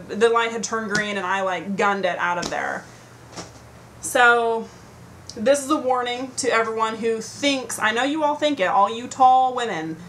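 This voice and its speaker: A woman's voice: on the high side, fairly bright tone, a little hiss or hum. A woman telling a story to her computer camera at home in a casual, rambling, profane rant. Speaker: vlogger. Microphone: computer webcam mic.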